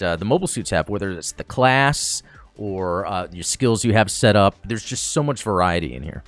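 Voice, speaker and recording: A man hosting a gaming channel, giving relaxed, chatty commentary over gameplay with plenty of fillers. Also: medium pitch, dry recording.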